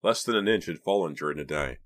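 A man narrating an audiobook in a steady, measured storytelling manner. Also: extremely low pitch. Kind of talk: scripted narration.

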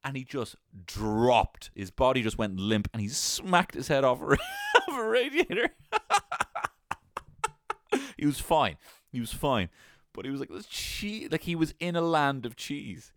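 A man's voice: medium pitch, unhurried, long pauses, no room sound, studio quality. A young man casually telling a funny childhood story, swearing freely and breaking into laughter. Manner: animated, swearing, laughing often.

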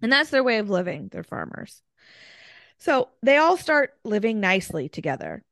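A woman's voice: mid-range voice, normal speed, no echo. Chatty woman storyteller, dry close sound. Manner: animated, filler-heavy storytelling. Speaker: podcast co-host. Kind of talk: casual storytelling chat.

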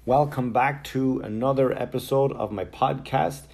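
A middle-aged man from Ireland with a softened Wexford accent, hosting a casual solo podcast in a rambling, self-mocking way. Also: medium pitch, moderate pace, gravelly, few pauses, breathy edge. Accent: Wexford Irish, softened. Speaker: podcast host.

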